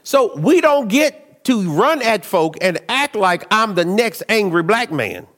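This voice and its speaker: A man preaching a sermon, telling stories in an animated way, dropping to low asides and rising to shouts. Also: measured pace, big-room sound.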